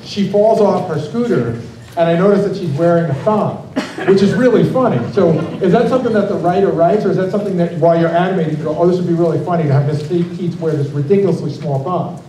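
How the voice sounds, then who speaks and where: A man moderating a convention panel, halting and chuckling with many fillers. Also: high-pitched, mellow, a little hiss or hum. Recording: echoey hall from far off.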